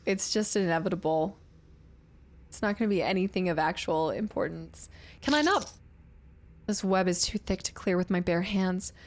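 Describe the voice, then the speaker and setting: A woman's voice: lowish voice, moderate pace, pauses often, a little hiss or hum. A woman streaming a game live and chatting casually as she thinks aloud through puzzles. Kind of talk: live gameplay commentary.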